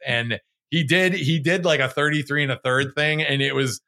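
A man co-hosting a podcast in casual chat, laughing often and restarting his sentences in quick bursts. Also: fairly high pitch, gravelly, sharp tone. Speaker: podcast co-host.

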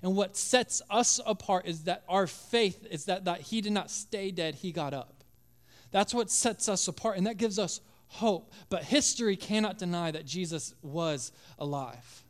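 Pastor guy preaching hard, high clear voice, acts out the story, goes quiet sometimes. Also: unhurried. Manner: impassioned, acts out biblical voices, drops to hushed tones. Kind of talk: sermon.

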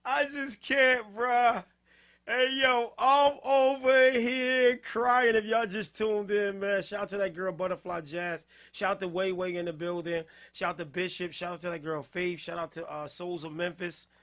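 A man hosting a music-review show in casual live-stream talk, laughing constantly, shouting "hey, yo" and repeating himself. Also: high voice, fairly even intonation, normal speed, few pauses. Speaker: podcast host reviewing music.

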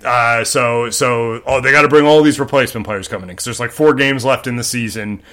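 A man's voice: medium pitch, brisk, fairly bright tone. A young man co-hosting a podcast, chatting casually, rambling with many repeats and fillers. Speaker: podcast co-host. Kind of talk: casual chat.

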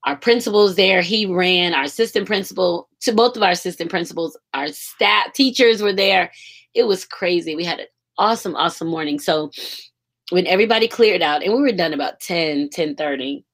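A woman's voice: lowish voice, fairly quick, a bit bright. A woman on the staff of a school, telling a personal story in a casual, emotional way with some swearing.

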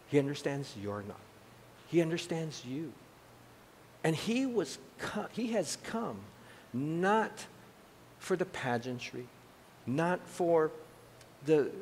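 Male pastor, lively and chatty sermon delivery, voice ringing in a reverberant hall. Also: fairly high pitch. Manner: animated, conversational preaching with asides.

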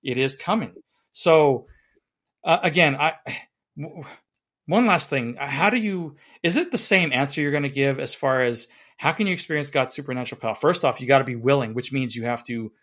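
A man hosting a podcast interview, making emphatic points and asking halting questions. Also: mid-range voice, fairly bright tone. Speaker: podcast host. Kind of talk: conversational interview.

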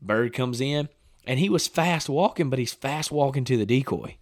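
A man with a drawl tells a hunting story in relaxed podcast chat, his voice mid-pitched and recorded dry and close. He acts out what people said with sudden bursts of excitement and laughter. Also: moderate pace, no room sound. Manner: animated storyteller, acts out quotes, laughs often. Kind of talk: casual chat.

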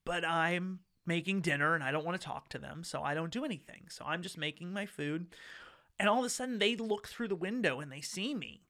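A man's voice: fairly high pitch, a little fast, sharp tone. A man telling a story in casual chat, rambling and wry with lots of fillers.

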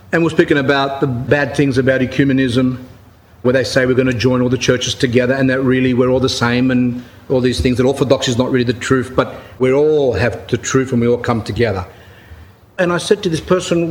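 A man giving an informal sermon, telling anecdotes in a conversational, emphatic way and paraphrasing a written account as he reads it. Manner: conversational, emphatic, rising pitch when stressing points. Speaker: Orthodox Christian speaker giving a talk.

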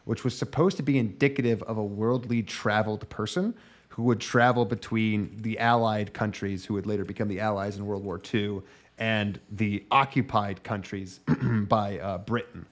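A man's voice: lowish voice, fairly even intonation, moderate pace. A man co-hosting a casual podcast, rambling and swearing as he explains, often trailing off. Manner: rambling, profane, trailing off at the ends of thoughts. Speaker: podcast co-host.

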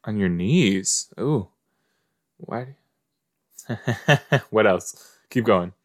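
This podcast host's fairly low voice carries lively intonation but moves very slowly as he casually muses aloud and talks to the screen in reaction to a show. The recording is dry and of studio quality.

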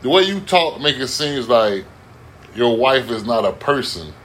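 A man's voice: medium pitch, expressive, unhurried, fairly bright tone, a little hiss or hum. A man in a heated casual debate, cutting in and pleading with his friend. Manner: pleading, keeps cutting in with "bro".

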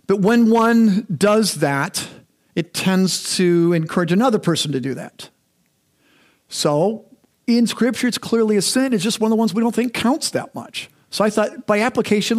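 Pastor preaching in a chatty, candid way. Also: male voice, high-pitched. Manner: conversational, self-deprecating, repeats words when restarting. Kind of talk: sermon.

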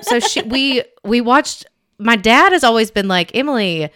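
A woman's voice: a little high, sing-song, measured pace, sharp tone. A young adult woman co-hosting a podcast, chatting casually and telling stories with lots of fillers and restarts. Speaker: podcast co-host. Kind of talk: casual chat.

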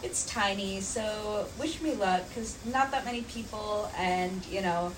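A woman's voice: medium pitch, unhurried. Young woman, distant mic, faint noise. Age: young adult. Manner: animated storytelling, filler "um" and "like". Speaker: podcast guest. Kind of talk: casual chat.

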